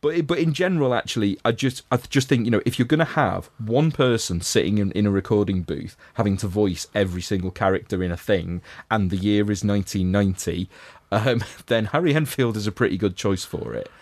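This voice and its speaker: A man's voice: lowish voice, brisk, a little mellow. A man with a Liverpool accent, talking through a cartoon in a casual podcast chat, analytical and full of restarts. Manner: analytical, many restarts and fillers. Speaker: podcast co-host.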